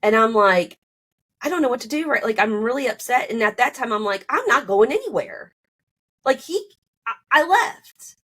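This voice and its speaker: With a fairly high, husky, slightly bright voice, this woman is very animated and fairly quick while telling her own story on a podcast. She keeps it casual, scattering "like" and "you know" throughout and acting out both sides of arguments in a rising voice.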